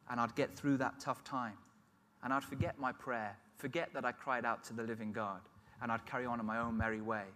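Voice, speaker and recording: A man's voice: medium pitch, bright, forceful tone. A middle-aged man giving an emotional personal testimony as a sermon, telling his story earnestly. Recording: long hall reverb.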